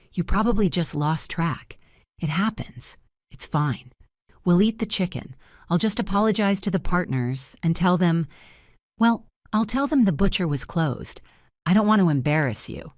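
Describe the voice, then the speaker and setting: Woman reading condescending husband: patronizing, even, dry close sound. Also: on the low side, measured pace, no room sound. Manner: calm, smug, lecturing.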